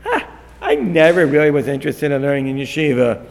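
A man's voice: on the high side, expressive, brisk, vocal fry, pitched below the performer's own voice. A man voicing a young male yeshiva dropout, sheepishly making excuses. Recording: long hall reverb.

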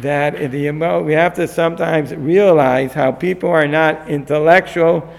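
A man teaching a lecture on a Torah text, animated and acting out the figures in the story. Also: on the high side, normal speed, vocal fry. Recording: long hall reverb.

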